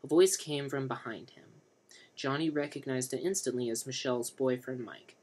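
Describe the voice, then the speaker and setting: A man's voice: medium pitch, steady tone, normal speed, darkish tone. A man reading a novel aloud for comic effect, with dry, wry asides. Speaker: reader.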